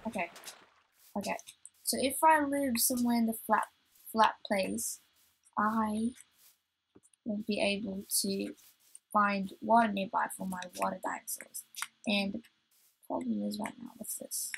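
A woman's voice: mid-range voice, steady tone, unhurried, creaky, long pauses, a little hiss or hum, poor audio. A woman hosting a let's play, chatting to herself as she plays and getting easily startled. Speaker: gaming channel host.

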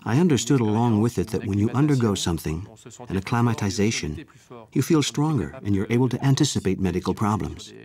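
A man's voice: lowish voice, lively intonation, fast, a crowd in the background. A man, a mountaineer, speaking reflectively in an interview voice-over. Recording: loud music behind.

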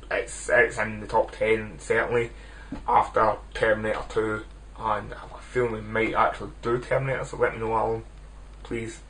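In a rough recording, a man in his twenties with a medium-pitched, slightly bright voice gives a casual video film review. He rambles and puts himself down, restarting often and apologising.

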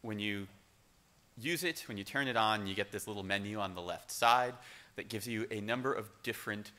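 A man's voice: lowish voice, normal speed, bright, forceful tone. A man giving a casual conference talk, with lots of um and uh and frequent restarts. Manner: casual, many fillers and restarts. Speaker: conference speaker. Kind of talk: conference presentation. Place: conference hall. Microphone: speaker microphone.

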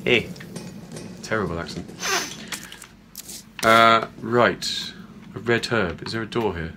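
Bright-voiced playful male gamer. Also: on the low side, very animated, slow, long pauses, a little hiss or hum. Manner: playful, chatty, talks to viewers while playing. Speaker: gamer playing through a horror game. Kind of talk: casual let's-play commentary.

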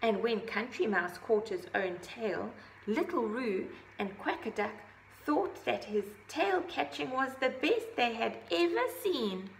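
A woman reading a children's picture book aloud, gently adding her own asides about the pictures. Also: on the high side, lively intonation, a little slow, gravelly, slight background noise, poor audio. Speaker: storybook reader.

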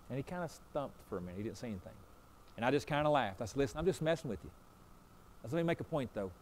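A man's voice: mid-range voice, expressive, very fast. A man preaching a sermon as pastor, telling a story in a folksy way and acting out both sides of a conversation. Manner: folksy, repeats "I said" and "he said".

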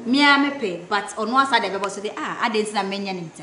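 A woman's voice: medium pitch, fairly quick, pushed and bright, a little hiss or hum. A woman speaking frankly as an interview guest, mixing Twi and English. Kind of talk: casual interview chat. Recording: roomy echo.

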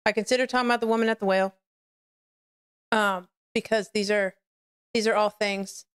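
Woman, podcast host, smooth clear voice, candid and rambling, live-stream chat. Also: mid-range voice, steady tone, normal speed.

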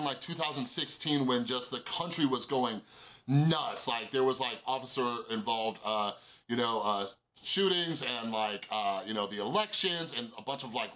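A man telling a casual storytime vlog, animated and full of fillers, acting out quoted dialogue in a higher voice. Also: poor audio. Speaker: YouTuber.

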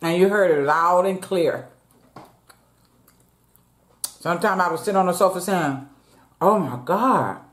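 A woman's voice: fairly low pitch, measured pace, long pauses. Chatty woman vlogger who talks to her viewers as "y'all" and eats between sentences, echoey home room. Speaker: mukbang vlogger. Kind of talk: casual chat while eating.

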